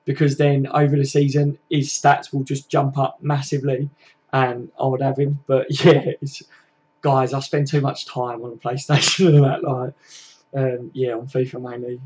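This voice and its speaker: Casual stream host, man, rambling and matey, mid-pitched, slightly muffled recording. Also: darkish tone. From England. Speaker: fan channel host. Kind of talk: casual live stream chat.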